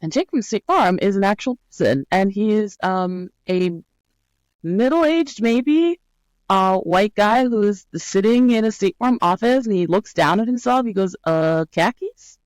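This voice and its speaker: A woman speaks as a guest in a video-call interview. She is an animated storyteller who keeps asking "right?", and her voice sits in a middle pitch. The sound is close and dry, with no room echo. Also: a little slow. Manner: lively storyteller, often adds "right?". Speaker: guest, brand scientist. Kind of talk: conversational podcast interview.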